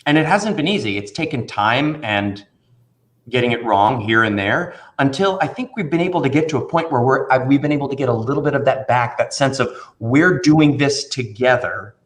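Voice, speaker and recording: Man, magician, storyteller, animated, acts out voices, medium pitch, video call. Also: a little fast. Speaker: magician and children's performer. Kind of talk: casual interview conversation.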